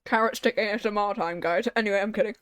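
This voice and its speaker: Goofy woman streaming a game at home, chatty and self-mocking, game music behind. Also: mid-range voice. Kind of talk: casual gameplay commentary. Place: home at her desk.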